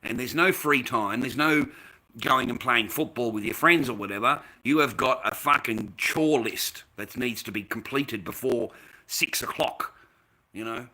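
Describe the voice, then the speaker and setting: A man's voice: mid-range voice, measured pace, bright, forceful tone, low-quality recording. An Australian man livestreaming from home, ranting bluntly and profanely at his chat. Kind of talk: casual livestream rant.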